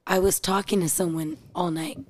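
A woman co-hosting a podcast chats casually, rambling with many fillers and leaning heavily on "like." Her voice is fairly low in pitch, with a steady tone and normal speed.

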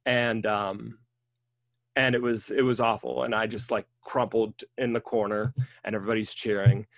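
A man's voice: on the low side, level tone, moderate pace, no echo. A man, a wrestling referee telling stories in casual conversation, rambling with many ums and restarts.

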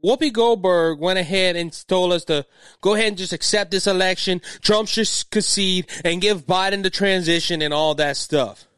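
A middle-aged man from Louisiana with a Cajun accent hosts his own podcast. His voice sits high for a man, and he rambles and stumbles over his words as he gets worked up. The sound is dry and close, with no room around it. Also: normal speed, fairly bright tone, smooth, no echo. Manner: agitated, rambling, repeats words. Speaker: podcast host. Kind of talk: political podcast commentary.

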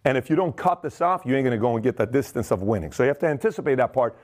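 A man's voice: medium pitch, animated, racing, darkish tone. A man hosting a podcast, giving a casual, emphatic motivational talk in plain words, often acting out other people's voices. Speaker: podcast host.

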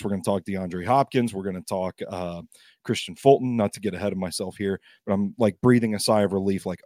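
Man, guest on a sports podcast, with a cough, chatty, self-deprecating, lowish voice, dry close sound. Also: fast talker, a little mellow, no echo. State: battling a cough. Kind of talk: casual sports talk.

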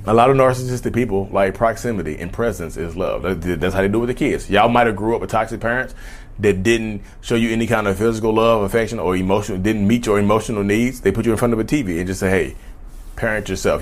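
A man talking casually to camera in a vlog, animated, addressing viewers as "y'all" and slipping into mocking voices. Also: on the low side, quick pace. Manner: loose conversational speech, says "y'all" often. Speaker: YouTube host.

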